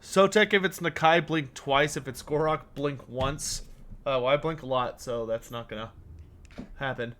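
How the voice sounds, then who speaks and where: A man's voice: medium pitch, moderate pace, a bit bright. A man streaming a strategy game, chatting casually and joking while he answers his chat. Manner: laid-back, joking, answers chat questions.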